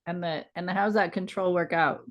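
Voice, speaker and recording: Low-voiced woman telling a story. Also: steady tone, a little fast, highs cut off. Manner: reflective, gently reassuring storyteller. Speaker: podcast co-host. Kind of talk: casual conversational storytelling.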